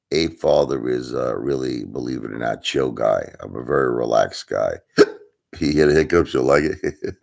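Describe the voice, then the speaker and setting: A man's voice: rumbling low, gravelly. A man hosting a casual live stream, rambling and answering chat while he has the hiccups.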